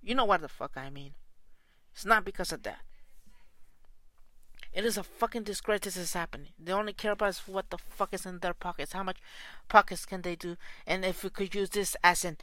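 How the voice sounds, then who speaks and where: Forceful, heated man ranting. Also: high voice, brisk, no room sound. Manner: profane, repetitive, heated. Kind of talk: angry spoken rant.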